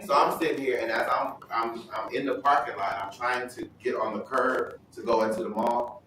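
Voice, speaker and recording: A man sharing a personal testimony at a Bible study, telling his story in an animated way and acting out other people's voices. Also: medium pitch, normal speed, very echoey, distant mic, slight background noise, rough recording. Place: church hall.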